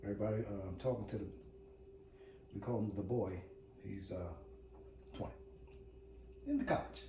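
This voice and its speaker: A man's voice: lowish voice, normal speed, dark tone, reverberant, far from the mic, a little hiss or hum, rough recording. A middle-aged man hosting a home cooking vlog in his kitchen, chatty and joking, calling his viewers "cooks".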